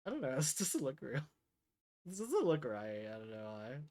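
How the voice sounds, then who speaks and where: A man's voice: medium pitch, big pitch swings, normal speed, a little mellow. A young man streaming live, telling a work story in a loose, rambling way with lots of fillers. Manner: rambling, laid-back storytelling with many fillers. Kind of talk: casual livestream chat.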